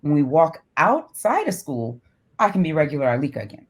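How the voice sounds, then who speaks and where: A woman with a low, deep voice talks through her story in a relaxed podcast chat. She laughs often and keeps checking in with "right?" as she goes. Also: brisk, husky. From Syracuse, New York. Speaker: podcast co-host. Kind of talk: casual chat.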